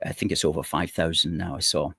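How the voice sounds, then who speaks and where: A man's voice: a bass voice, steady tone, fast, vocal fry, a bit bright, husky, dry recording, studio quality. A man hosting a political commentary show, reading out news items with sarcastic, indignant asides.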